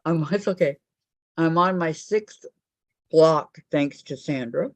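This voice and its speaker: A woman's voice: sits low, slow pace, dry recording. A woman quilter on a video call, chatty, reading messages from the chat aloud. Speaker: quilter in an online group chat. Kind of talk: casual chat. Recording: muffled video-call audio.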